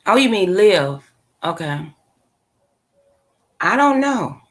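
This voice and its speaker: A woman talks straight to her live chat as the host of her own channel. Her delivery is blunt and sassy, heavy on slang and strong opinions. Her voice sits at an everyday middle pitch. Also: very animated, takes it slowly. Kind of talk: casual commentary to a live chat.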